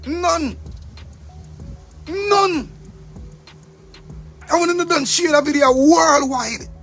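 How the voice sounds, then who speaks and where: A man's voice: extremely high pitch, normal speed, over loud music. A man with a Jamaican accent delivering an angry, profane monologue rant, repeating himself for emphasis. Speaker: commentator.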